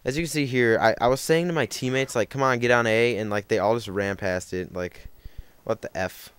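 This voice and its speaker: Young man, rambling gaming story, somewhat low voice, smooth tone, lots of fillers. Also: fairly even intonation, fairly quick, no room sound. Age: young adult. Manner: rambling, filler-heavy, self-correcting. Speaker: gaming commentator. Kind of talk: casual storytelling over gameplay.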